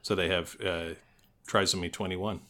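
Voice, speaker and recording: A man with a nasal voice that sits low in pitch yet sounds bright and forceful. He talks in a loose, rambling way on a casual podcast, swears freely and pokes fun at himself. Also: level tone, normal speed. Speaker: podcast co-host. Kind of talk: casual chat.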